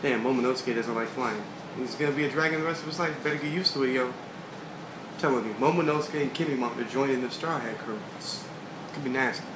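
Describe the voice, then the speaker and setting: A man's voice: mid-range voice, quick pace. Brief: laid-back guy doing a comic read-along, echoey room, background noise. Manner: laughs often, swears casually. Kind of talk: casual manga read-along.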